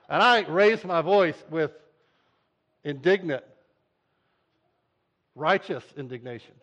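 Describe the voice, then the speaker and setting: Male pastor, lively storyteller, slightly high voice, dull lo-fi recording. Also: measured pace, pauses often. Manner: animated storyteller, acting out voices. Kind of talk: sermon with storytelling. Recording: dull lo-fi sound.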